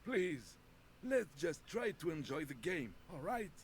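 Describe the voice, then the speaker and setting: An actor playing an easygoing older man in a video game, speaking in a mellow, placating way. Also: a little high, very animated, measured pace, slight background noise.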